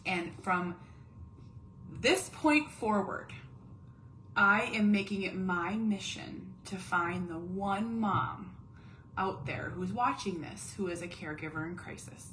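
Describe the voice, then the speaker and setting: A woman's voice: mid-range voice, slow, fairly bright tone, slight background noise, poor audio. A woman in her thirties, a mom and caregiver, talking candidly to camera at home, earnest and confiding, sometimes dropping to a near whisper on painful feelings. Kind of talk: candid personal monologue.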